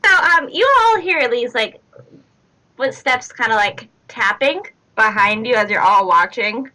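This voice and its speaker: Woman game master, bright voice, chatty narration, lots of fillers and giggles, tabletop game. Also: a little high, lively intonation, unhurried, rough recording.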